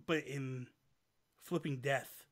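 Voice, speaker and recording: A man hosting a casual livestream chat, an animated and long-winded storyteller who wanders off on tangents. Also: mid-range voice, takes it slowly. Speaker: show host.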